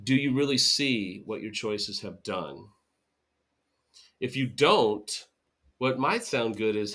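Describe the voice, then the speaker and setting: An earnest man hosts his own podcast and talks straight to the listener about relationships. His delivery is animated, and he often acts out what people say. His voice sits at a middling pitch for a man. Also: a little slow. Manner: earnest, animated storytelling with acted-out quotes. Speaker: podcast host. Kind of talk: solo podcast talk.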